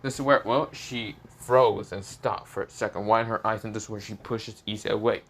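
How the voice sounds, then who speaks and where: A man reading an improvised fan story aloud in a rambling, halting way full of fillers. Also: on the low side, steady tone, fairly bright tone, breathy edge.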